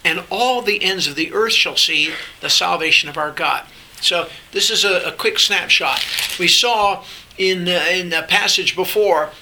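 A man's voice: sits high, gravelly, sharp tone, low-quality recording. An older man teaching through a Bible passage, explaining in a conversational way with frequent restarts. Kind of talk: sermon-style Bible teaching. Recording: faint hiss.

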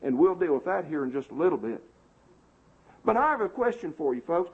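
A man's voice: on the high side, very animated, fairly quick, breathy edge. A man preaching an emphatic, indignant sermon to a congregation, recorded on a muffled lo-fi tape.

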